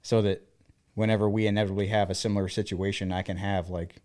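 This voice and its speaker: A man in his thirties with a Southern American accent and a fairly low voice speaks quickly as a podcast co-host. Chatting casually, he animates his anecdotes by acting out what others said.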